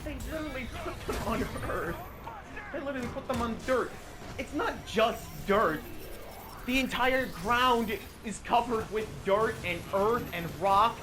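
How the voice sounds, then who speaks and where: A young man in casual voice chat while gaming, animatedly mocking a movie with swearing and quick retellings. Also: extremely high pitch, animated. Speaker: channel host.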